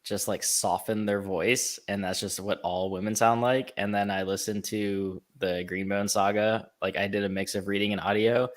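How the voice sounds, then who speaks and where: A man with a very low voice, talking casually about books. He is blunt and teasing and drops dry asides. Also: level tone, normal speed, few pauses. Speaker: book video host. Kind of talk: casual chat.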